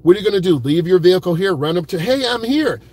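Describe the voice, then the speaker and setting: A man talks to his viewers from behind the wheel in an easygoing live-stream chat. His voice sits fairly high, and his manner stays relaxed, direct and conversational. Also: very fast. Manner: laid-back, talks straight to viewers, repeats "keeping it real". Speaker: driving vlogger. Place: in a car at an airport pickup lane.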